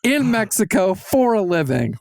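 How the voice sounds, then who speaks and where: A man co-hosting a comedy podcast who throws in crude jokes and quick jabs. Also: high voice, big pitch swings, vocal fry, a little mellow, no echo, studio quality. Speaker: podcast co-host. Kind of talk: casual comedic banter.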